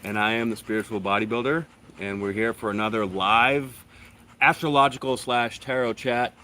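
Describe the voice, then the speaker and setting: A man co-hosting a casual live chat as the astrologer, explaining ideas in a relaxed way with lots of fillers. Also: mid-range voice, moderate pace, poor audio. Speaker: astrologer and co-host.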